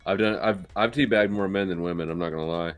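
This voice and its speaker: A man's voice: deep voice, fast, no echo, soft background music. A man trading crude, teasing jokes in a casual voice chat. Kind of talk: crude joking voice-chat banter.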